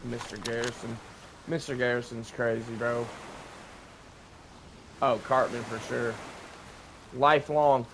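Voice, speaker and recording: A man's voice: mid-range voice, flat delivery, slow pace, pauses often, background noise. A young adult man streaming a survival game, chatting casually with jokes, swearing and frequent laughter. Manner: joking, swearing, laughs often. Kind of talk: casual gaming livestream chat.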